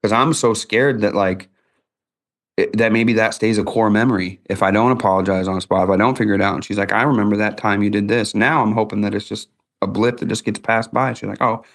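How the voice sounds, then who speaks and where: A man's voice: fairly low pitch, fairly even intonation, brisk. A middle-aged man, hosting a podcast interview and telling stories in a folksy, conversational way. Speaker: podcast host.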